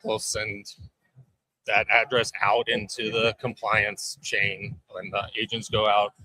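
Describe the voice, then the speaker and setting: A man's voice: on the low side, little pitch movement, takes it slowly, sharp tone, poor audio. A man from Texas, a startup founder, casually explaining his product with lots of fillers.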